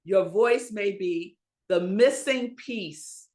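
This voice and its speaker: A woman minister preaching a Sunday sermon, slow and emphatic, asking the congregation rhetorical questions and pausing for effect. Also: mid-range voice, darkish tone.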